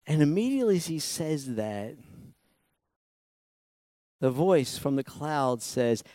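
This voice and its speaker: A pastor preaching a sermon in a lively, animated way, acting out quoted voices and laughing often. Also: male voice, fairly high pitch, a little slow, long pauses, no echo.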